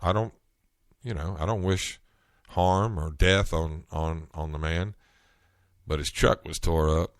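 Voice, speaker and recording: A man with a Southern US accent, from North Carolina, chatting through stories in a loose solo podcast. His voice sits very low, and the recording is dry. He talks in a relaxed way with frequent restarts. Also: unhurried, no echo. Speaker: podcast host. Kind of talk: casual solo monologue.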